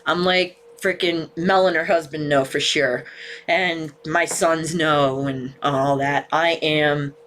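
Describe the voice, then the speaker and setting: A woman's voice: deep voice, fairly even intonation, slow pace, fairly bright tone. A woman hosting a casual livestream chat, frustrated and near tears, swearing constantly as she talks to viewers from a room at home. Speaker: livestream host. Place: home room with ceiling fan.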